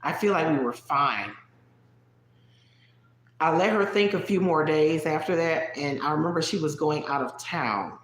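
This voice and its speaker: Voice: medium pitch, expressive, measured pace, fairly bright tone. A livestream host telling a personal story in casual, digressive chat, talking straight to viewers in the chat. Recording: roomy echo.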